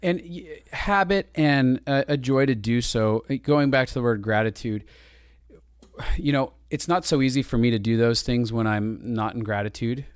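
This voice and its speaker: An earnest, reflective man talks casually with his wife on a relationship podcast, now and then acting out quoted lines. His voice sits at a middle pitch, recorded close and dry. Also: moderate pace, smooth, dry recording. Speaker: podcast co-host.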